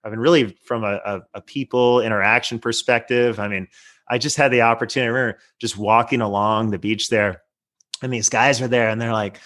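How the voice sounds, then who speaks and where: A man's voice: medium pitch, fairly even intonation, fairly quick, fairly bright tone. A man from California, a guest on a podcast interview, talking casually in a rambling way full of you know and I mean. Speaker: guest, investor.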